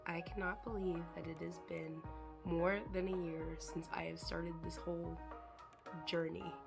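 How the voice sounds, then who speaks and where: Young woman, hoarse, congested, low-ish voice, rambling casual vlog chat, background music. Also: little pitch movement, a little slow. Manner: rambling, chatty, trailing off into fillers. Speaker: vlogger.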